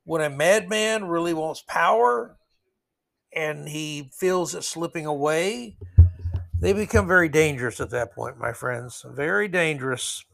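A man's voice: fairly high pitch, measured pace, vocal fry, fairly bright tone. A man hosting a solo commentary podcast, reading news quotes and adding sarcastic, rambling asides. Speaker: podcast host.

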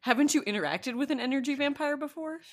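Brief: woman co-host, a bit high, playful and laughing, casual banter. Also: expressive, fast talker. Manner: playful, laughs often, acts out quotes. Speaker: podcast co-host. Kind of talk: casual chat.

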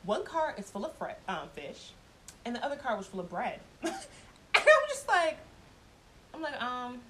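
A woman's voice: a little high, huge pitch swings, moderate pace, bright, forceful tone, rough recording. A woman telling a personal story in a casual vlog, blunt and profane, laughing often as she talks.

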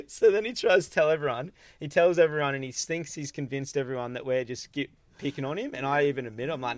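A man's voice: a little high, quick pace, dry recording. An Australian man in his thirties hosting a podcast, telling a casual story with lots of laughing and acted-out lines from friends. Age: 30s. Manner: animated, laughing often, acts out friends' lines. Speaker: podcast host.

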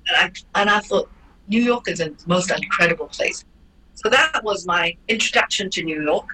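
Bright-voiced woman telling a story. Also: lowish voice, normal speed, a little hiss or hum, poor audio. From Hong Kong. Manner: lively, acts out quoted voices, frequent restarts. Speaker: interview guest, former ballerina. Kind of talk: animated personal storytelling.

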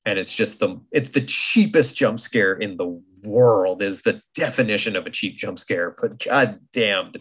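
A man in his thirties co-hosting a casual podcast, animated and acting out quotes in his stories. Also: on the low side, moderate pace, hardly any pauses, slightly rough. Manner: animated storyteller, acts out quotes. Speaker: podcast co-host. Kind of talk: casual chat.

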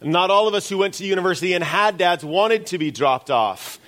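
A man's voice: sits high, animated, fairly quick, a bit bright. A middle-aged man preaching a sermon as pastor, in a conversational way with self-deprecating asides.

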